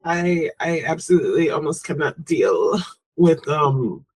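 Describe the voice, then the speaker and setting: A woman's voice: sits low, expressive, a little slow, a little mellow, breathy edge, poor audio. A woman co-hosting a casual talk, speaking hesitantly with restarts. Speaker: co-host. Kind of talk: casual chat.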